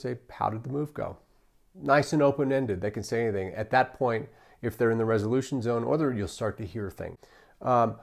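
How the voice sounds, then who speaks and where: A man's voice: medium pitch, a little fast, vocal fry, darkish tone. Man coaching staff on angry customers. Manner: coaching, repeats "right?" often, acts out customer quotes. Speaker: customer service trainer. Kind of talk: training lecture.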